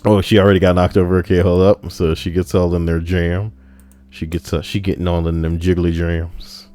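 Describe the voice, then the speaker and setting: Young male livestream host with a low voice, loose and profane, riffs on chat messages. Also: level tone, normal speed, dark tone. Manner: profane, rambling, laughs at his own stories. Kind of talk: casual reaction stream chat.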